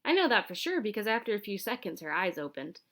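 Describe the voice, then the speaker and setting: A woman reading a children's chapter book aloud in a lively, expressive storytelling manner. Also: mid-range voice, fast talker. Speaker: audiobook reader.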